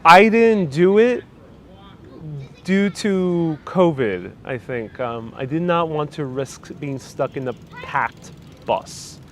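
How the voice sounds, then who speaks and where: A man's voice: on the high side, animated, slow pace, slight background noise. A man with a New York accent, chatting casually on a live stream and answering viewer comments, rambling with fillers and restarts. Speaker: vlogger hosting a live stream.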